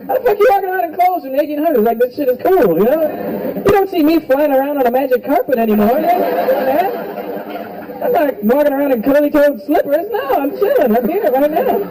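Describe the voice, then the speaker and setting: Stand-up comic, male, high voice, profane crowd work, live club recording with a big crowd. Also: animated, a little fast, mellow, rough recording. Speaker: stand-up comedian. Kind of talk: stand-up comedy set. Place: comedy club. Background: audience laughing.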